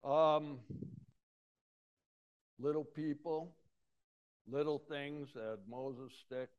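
A man preaching a sermon in a folksy storytelling way, his voice slightly high for a man. He drawls slowly and swings from loud bursts down to near murmurs as he acts out scenes. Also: steady tone, smooth, lo-fi sound. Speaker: pastor.

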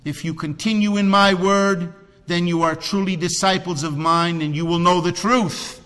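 A man preaching a sermon as pastor, swinging between loud emphatic cries and hushed, low, drawn-out phrases. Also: fairly even intonation, in a large hall.

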